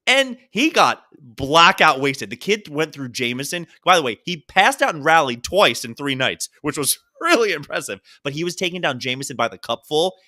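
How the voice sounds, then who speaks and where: A man with a fairly high, bright voice tells stories on a casual podcast. He is animated and swings his pitch widely, slipping into quick impressions of the people in his tales. He talks like a lively co-host in easygoing chat. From Baltimore. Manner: animated storyteller, acts out quotes.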